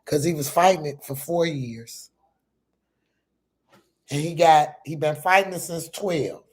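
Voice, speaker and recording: Woman, middle-aged, unhurried drawn-out speech, emphatic, profane, casual storytelling to viewers. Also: low-pitched, breathy edge. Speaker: mother telling her story.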